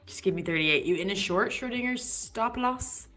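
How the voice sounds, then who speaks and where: A woman's voice: medium pitch, lively intonation, moderate pace, a bit bright, soft background music. A woman co-hosting a live trading stream in a playful, chatty way, jumping between topics. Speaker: live trading show co-host. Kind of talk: casual live-stream chat.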